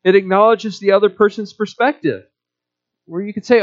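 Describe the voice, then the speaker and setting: A man preaching a sermon in a measured, deliberate teaching manner. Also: high-pitched, lo-fi sound. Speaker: pastor.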